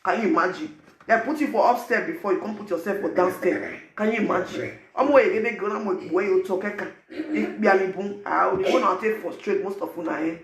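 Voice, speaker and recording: A man speaking Nigerian Pidgin English, giving animated, preachy advice to his viewers in a casual vlog. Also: sits high, a little fast, vocal fry, roomy sound. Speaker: vlogger.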